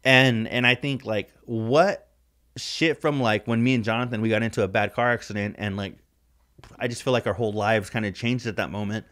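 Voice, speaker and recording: A man's voice: fairly low pitch, steady tone, moderate pace, fairly bright tone. Rambling, profane casual man. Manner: rambling, profane, heavy use of "like". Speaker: podcast co-host. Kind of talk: casual chat.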